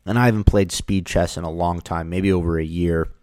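A man telling casual stories in a rambling, halting monologue, often restarting his sentences. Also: sits low, steady tone, darkish tone, no echo, studio quality.

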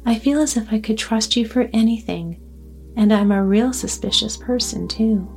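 A woman's voice: fairly high pitch, normal speed, vocal fry. Woman voicing a chatty, fretful old grandma. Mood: relieved. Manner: talkative, fretful, trusting. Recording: soft music underneath.

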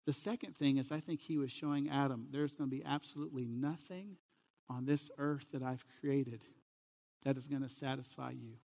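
A man's voice: medium pitch, moderate pace, vocal fry, in a large hall. A middle-aged man, a pastor, preaching a sermon and telling stories, livening them with quoted voices. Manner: storytelling, animated with quoted voices.

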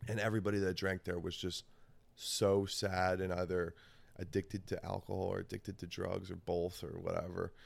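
A man with a low, gravelly voice tells a story in loose, casual talk. He rambles, swears freely and breaks into laughs as he goes. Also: flat delivery, normal speed. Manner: rambling, profane, laughs often. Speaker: podcast host.

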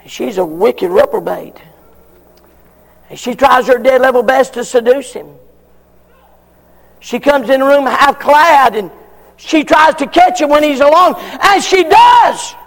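A man preaching a folksy sermon that climbs to shouted peaks. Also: very high voice, unhurried, vocal fry, pauses often, in a large hall.

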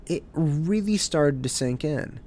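A man hosting a show, telling a candid, self-deprecating personal story in a relaxed conversational way. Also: on the high side, slow pace, a little hiss or hum. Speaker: podcast host. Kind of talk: reflective personal storytelling monologue.

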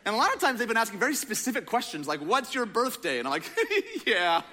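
Bright-voiced young male pastor, joking. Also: high voice, racing, a little hiss or hum. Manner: casual, joking, animated storytelling. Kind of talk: sermon.

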